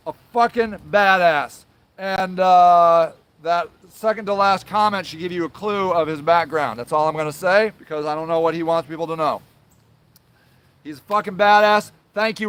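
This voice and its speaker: Male host, high pitched, angry, foul-mouthed livestream rant, apologetic in between. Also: a bit bright, clear, resonant tone, no echo. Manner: angry, profane, swears constantly; apologizes then rants on, trailing filler sounds. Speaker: show host.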